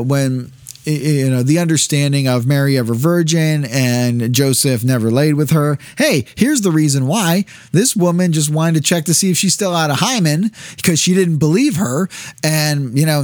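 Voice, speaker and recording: Man, fairly high voice, reads and explains a text, halting, dry close sound. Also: no room sound. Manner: hesitant, many fillers and restarts. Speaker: teacher. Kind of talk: reading a text aloud with commentary.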